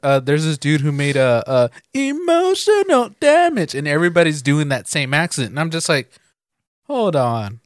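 A man's voice: on the high side, normal speed, clear, resonant tone, no room sound, clean studio sound. A man joking and reacting in profane banter among friends.

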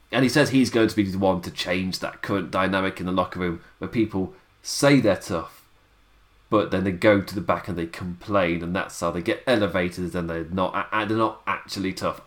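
Chuckly man rambling through a review. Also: on the low side. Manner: rambling, chuckling often, many "uh" fillers. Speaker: wrestling show reviewer. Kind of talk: casual spoken review.

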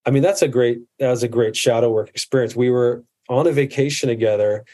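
Mellow-voiced man, earnest and reflective. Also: mid-range voice, brisk. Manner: earnest, reflective, restarts often. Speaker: podcast guest, medical provider. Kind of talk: casual conversation.

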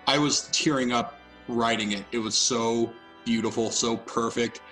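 A man's voice: mid-range voice, fairly even intonation, unhurried, pushed and bright, faint music behind, low-quality recording. A young man co-hosting a podcast, telling a story in a casual, self-mocking way. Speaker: podcast co-host. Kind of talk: casual chat.

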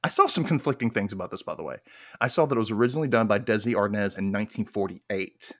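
Southern American male host, chatty and rambling, lively pitch, dry close mic. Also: fast, dry recording. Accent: Mississippi Southern American. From United States. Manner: rambling, chatty, laughs at his own jokes. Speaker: podcast host. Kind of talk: casual podcast chat.

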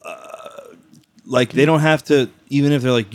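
A man's voice: mid-range voice, normal speed, darkish tone, no echo. A man on a casual podcast, telling rambling stories full of fillers and restarts. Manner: rambling storyteller, frequent fillers.

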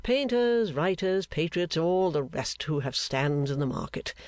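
A man voicing an airy, cynical gentleman painter who talks with breezy enthusiasm. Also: fairly high pitch, lively intonation, measured pace, dry recording, clean studio sound. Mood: airy, mocking.

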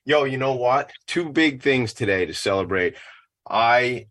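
A man's voice: mid-range voice, animated, unhurried, a bit bright. A man, hosting a nonprofit podcast in a hyped, rambling, motivational monologue. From Long Island, New York. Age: 40s. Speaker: podcast host. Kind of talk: casual monologue.

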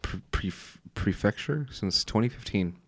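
Teasing low-voiced man in podcast banter. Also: lively intonation, measured pace, no room sound, clean studio sound. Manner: teasing, profane, jokey interjections. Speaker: podcast co-host.

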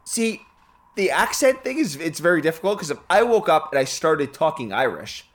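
A man from Canada co-hosting a podcast, talking in a casual, animated way, swearing and laughing often. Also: on the high side, moderate pace. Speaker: podcast co-host. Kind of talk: casual chat.

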